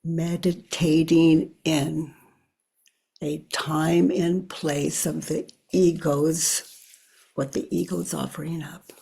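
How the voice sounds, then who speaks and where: An older woman leading a guided self-inquiry, talking slowly and reflectively with pauses and often sinking to a near whisper. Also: deep voice, flat delivery, vocal fry, mellow, breathy edge. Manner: thinks aloud with pauses. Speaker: spiritual teacher.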